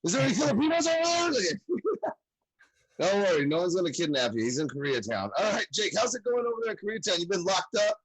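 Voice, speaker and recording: Husky man hosting an online comedy show. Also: sits high, quick pace, no room sound, poor audio. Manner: loose, profane and joking. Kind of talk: casual comedy banter and introductions. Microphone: video call.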